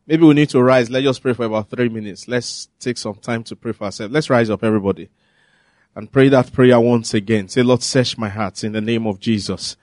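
A man leading a congregation in prayer, slow, pleading and fervent. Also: mid-range voice, darkish tone, no room sound, clean studio sound. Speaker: prayer leader.

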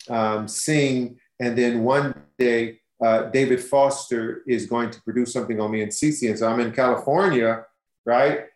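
A man near sixty, a singer being interviewed, telling stories expressively and acting out what people said, laughing as he goes. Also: mid-range voice. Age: 50s. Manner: expressive, laughing storyteller who acts out quotes. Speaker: guest singer. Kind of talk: animated storytelling interview. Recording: roomy echo.

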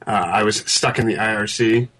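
A man's voice: lowish voice, normal speed, background noise. A man calling in over an internet voice call, talking earnestly and hesitantly with many uhs. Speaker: caller. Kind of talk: casual talk on a call-in show.

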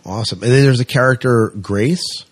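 Husky-voiced male podcast host. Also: medium pitch, fairly quick. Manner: friendly, brief reactions and questions. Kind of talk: podcast interview questions.

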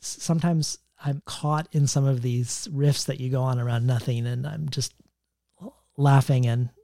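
Man, interviewer, mellow dark voice, dry recording, measured, reads quotes aloud. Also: mid-range voice, fairly even intonation, gravelly, dry recording. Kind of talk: literary interview questions.

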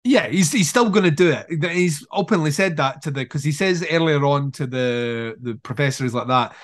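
A man's voice: a little high, normal speed. A man chatting casually about a film, retelling scenes with lots of energy, acting out bits, swearing and laughing often. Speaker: podcast co-host.

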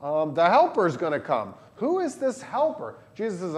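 At normal speed and with a high-sitting voice, a Southern Illinois pastor runs an energetic catechism class for kids and grown-ups. He's animated throughout, firing questions at the group.

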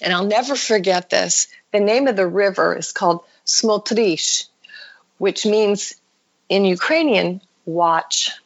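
A woman's voice: medium pitch, takes it slowly, dull audio. A woman guest telling an emotional personal story, acting out the voices of the people in it. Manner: vivid storyteller, acts out quoted voices. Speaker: podcast guest.

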